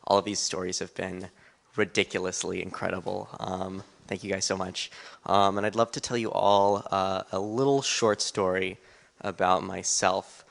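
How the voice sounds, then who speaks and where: Young male student, low gravelly voice, easygoing stage anecdote. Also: flat delivery, normal speed, fairly bright tone. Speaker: student storyteller. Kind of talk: personal storytelling on stage.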